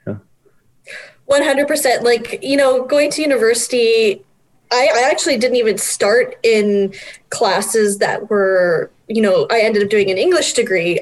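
A woman in her forties, a guest chatting casually, animated and self-deprecating with bursts of laughter. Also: a little high. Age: 40s. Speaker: guest, book project editor. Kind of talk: casual interview chat.

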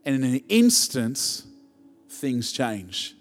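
A man's voice: medium pitch, very animated, slow, big-room sound, soft background music. A man preaching a conversational sermon as pastor, rising to emphatic peaks.

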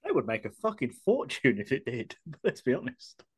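A man's voice: medium pitch, huge pitch swings, normal speed, slightly rough. A man, co-hosting a podcast in casual, chatty talk with laughter and swearing. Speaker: podcast co-host. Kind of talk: casual chat.

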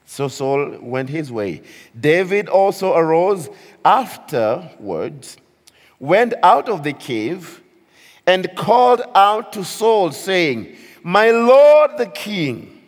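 Male preacher, slightly high voice, unhurried sermon with reverb from a big hall. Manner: slow, lively preaching with laughs and rhetorical questions.

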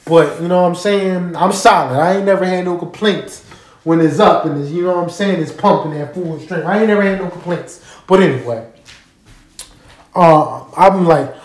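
A man casually telling a story straight to his listeners, animated and profane, often checking that they follow him. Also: high voice, normal speed. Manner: animated, profane, keeps asking listeners to agree. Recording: roomy echo.

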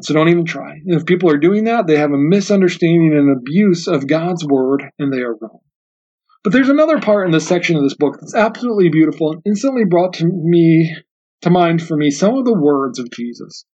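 A man hosts a book discussion and makes his points with firm, preaching emphasis. His voice sits a bit high. The sound is dull and lo-fi. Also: lively intonation, brisk, darkish tone. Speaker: podcast host. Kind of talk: book discussion with read passages.

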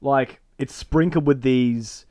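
A man co-hosting a casual podcast chat, excitedly retelling scenes and acting out the characters' lines with frequent laughter. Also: medium pitch, takes it slowly, no room sound, studio quality. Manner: animated retelling of a show, acting out quoted lines, laughing often. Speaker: podcast co-host.

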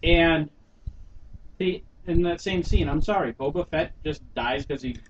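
A man's voice: on the high side, unhurried. A man in a casual group chat who grumbles and complains with sarcasm. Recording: distant dull mic with faint noise.

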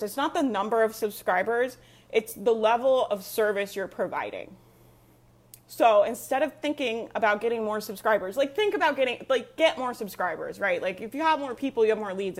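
A young adult woman coaching an online community on a live stream, talking emphatically and repeating herself with frequent laughs. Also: medium pitch. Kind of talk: live stream pep talk.

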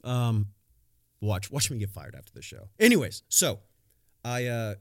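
A man's voice: medium pitch, very animated, unhurried, dry recording, studio quality. Blunt, profane man rambling on a podcast. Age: adult, has a young daughter. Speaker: podcast host. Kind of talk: casual solo podcast monologue.

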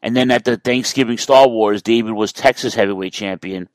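A man's voice: on the low side, fairly quick, dry recording, poor audio. A man talking through wrestling history in a casual, rambling monologue, often correcting himself and swearing now and then. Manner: rambling, self-correcting, profane.

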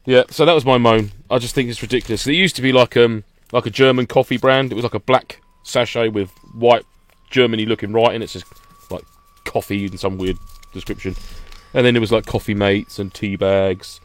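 A man's voice: medium pitch, fairly even intonation, brisk, no echo. A man co-hosting a podcast, ranting with laughter in a casual chat. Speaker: podcast co-host.

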